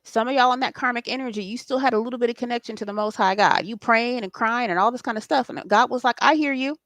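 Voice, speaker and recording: A woman's voice: fairly high pitch, steady tone, fast, fairly bright tone, no room sound. A woman, hosting a spiritual late-night talk in an impassioned, preachy way and swearing freely. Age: 40s. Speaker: spiritual host.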